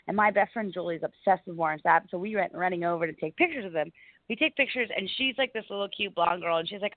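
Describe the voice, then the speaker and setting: A fast-talking woman comedian from Delaware County, Pennsylvania, with a lowish voice, tells stories as a guest in a casual radio interview. She's animated, says "like" a lot, and acts out other people's voices; the recording is dry and narrow, like a phone line.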